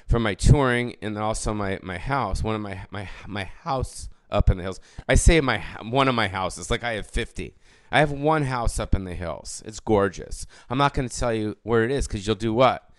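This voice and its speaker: About fifty, this comedy podcaster rants by himself in a casual solo episode, cursing freely, wandering off topic and then correcting himself. His fairly low, smooth voice moves at a moderate pace and sounds close and dry, with no room around it.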